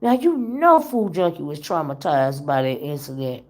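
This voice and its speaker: A woman hosting a casual gossip livestream, chatting to her viewers, laughing often and drawing out her exclamations, her voice still worn from being sick. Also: low voice. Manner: animated, laughing, drawn-out exclamations. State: voice worn from illness. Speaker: livestream host reading chat.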